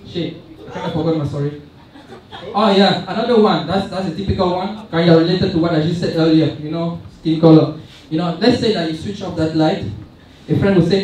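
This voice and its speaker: Young male stand-up comic, high-pitched, self-mocking storyteller, recorded from far off in a big hall. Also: a little fast, darkish tone. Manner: chatty, self-mocking, loose storytelling with frequent asides. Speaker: stand-up comedian. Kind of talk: stand-up comedy set. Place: large event hall with audience.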